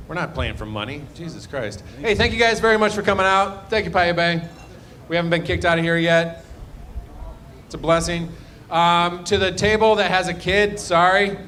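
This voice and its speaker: Brief: a comic working the crowd on a club stage mic, loose and rambling, voice a touch high. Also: male voice, moderate pace, pushed and bright. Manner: loose, rambling, mumbles asides. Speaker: stand-up comedian. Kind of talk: stand-up crowd work. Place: comedy club.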